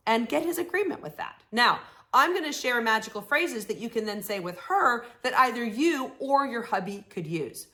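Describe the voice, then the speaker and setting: A woman life coach hosts her show, speaking at normal speed in a fairly high, expressive voice. In a warm coaching tone she gives viewers advice and acts out sample phrases they could say.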